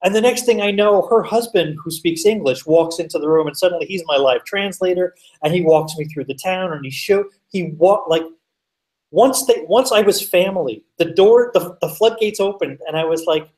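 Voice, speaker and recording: A man telling a story as a guest, animated, full of fillers and swearing. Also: high voice, moderate pace, far from the mic, poor audio. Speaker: podcast guest. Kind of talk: casual storytelling.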